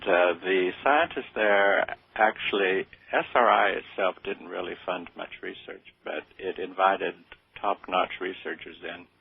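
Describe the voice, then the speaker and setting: A deep, gravelly voice of an older man, answering interview questions in a modest, halting way. His voice is husky and sounds thin, as if heard over a phone line. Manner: hesitant, modest, with many fillers. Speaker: interview guest. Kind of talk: radio interview. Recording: tinny phone-like radio sound.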